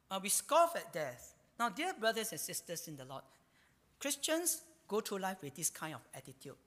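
Preaching with a bright, forceful, high-pitched voice, a male pastor rises and falls animatedly, stretching out an "ah" at the end of his phrases. A church hall's long reverb surrounds him.

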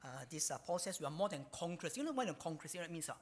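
A man preaching a sermon in a church hall. He talks in an animated way and ends many phrases with a drawn-out "ah". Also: fairly high pitch. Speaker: pastor. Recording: long reverb of a hall.

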